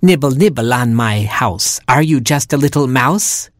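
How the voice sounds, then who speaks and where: A man's voice: medium pitch, lively intonation, measured pace, no room sound, studio quality, pitched above the performer's own voice, lightly acted. A man voicing Granny Porky, a huge, bossy old female porcupine in a storybook, scolding and wheedling. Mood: gruff.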